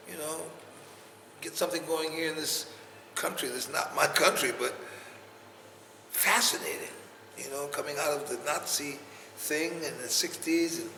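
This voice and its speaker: A man's voice: fairly high pitch, normal speed, gravelly, pauses often, bright, forceful tone. An older man from the United States, telling stories animatedly in an interview with many restarts. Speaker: interviewee, entertainer. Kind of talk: conversational interview. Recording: echoey room with faint noise.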